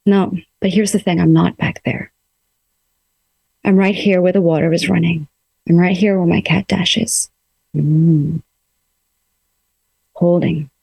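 Woman, emotional wellness coach, gentle and coaxing, lowish voice, dry close sound. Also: fairly even intonation, unhurried, vocal fry, long pauses, slightly rough, no echo. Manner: gentle, coaxing, models self-talk aloud. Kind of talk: guided self-help talk. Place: home room.

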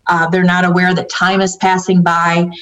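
With a fairly low, slightly bright voice and a completely flat delivery at normal speed, a psychic medium answers viewer questions. She's casual and hesitant, using many fillers and restarts to relay what the spirits say, in a dull lo-fi recording.

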